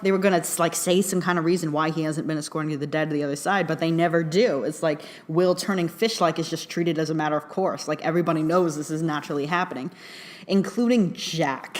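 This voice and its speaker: A woman with a fairly low voice talks through a film review in a chatty, excitable way. She laughs often and scatters fillers through her talk. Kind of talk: casual spoken film review.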